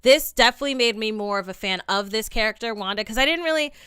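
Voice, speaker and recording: A young woman on a podcast, quick to argue her point. Her voice is bright and very crisp, and the sound is close and dry. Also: on the high side, lively intonation, dry recording. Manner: argumentative, quick to counter. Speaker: podcast co-host. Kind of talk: casual chat.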